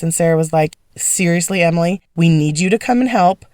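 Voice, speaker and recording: A woman's voice: on the low side, smooth, no room sound, clean studio sound. A woman telling a personal story in a casual, emphatic way, speaking as an interview guest. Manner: emphatic, animated, fast-talking.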